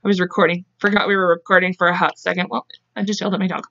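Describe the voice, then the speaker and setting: A woman hosting a podcast, retelling a case in casual chat, acting out quotes in quick voices and speaking bluntly. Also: on the low side, flat delivery, vocal fry, a bit bright, highs cut off. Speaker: podcast host. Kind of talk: casual true-crime storytelling.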